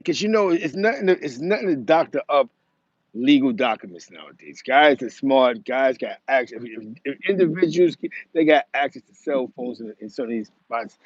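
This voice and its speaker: A man's voice: medium pitch, no echo. Rambling New man, muffled dry sound. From the Bronx, New York. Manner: rambling and emphatic, with many restarts and asides. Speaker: host. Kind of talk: casual commentary monologue.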